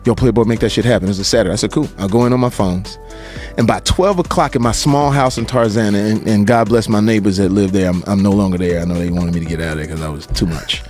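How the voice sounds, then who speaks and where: Male podcast guest, animated storyteller who does voices. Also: fairly low pitch, fast talker, faint music behind. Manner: repeats words, laughs, acts out quoted voices.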